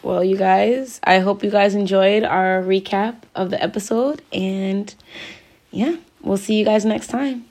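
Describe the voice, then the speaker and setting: A woman co-hosting a casual podcast recap, telling stories in an animated way, laughing often and acting out what people said. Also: medium pitch, unhurried. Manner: animated storyteller, laughs often, acts out quotes. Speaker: podcast co-host.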